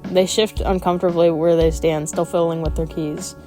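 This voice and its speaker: A woman's voice: lowish voice, little pitch movement, moderate pace, few pauses. A woman reading a visual novel aloud as a gaming streamer, with wry, playful asides. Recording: game music playing behind.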